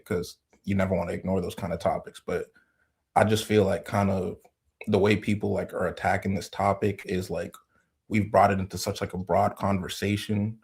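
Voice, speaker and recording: A very deep, gravelly man calls in after a long shift, speaking low and flat as he rambles through his point with lots of "like." His husky voice sounds a bit off the mic. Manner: rambling, many filler likes, speaks low. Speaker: caller. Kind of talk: casual call-in discussion.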